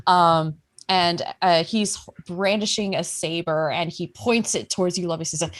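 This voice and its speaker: A woman's voice: fairly low pitch, moderate pace, dry recording. A woman running a tabletop game, narrating with fillers and frequent laughs. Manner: hesitant, giggly, many fillers. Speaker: game master.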